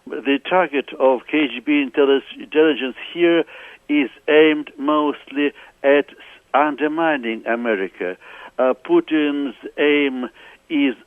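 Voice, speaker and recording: A man with a Russian accent, a documentary interview guest who speaks haltingly with many filler sounds and restarts. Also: on the high side, dry recording, phone-quality sound.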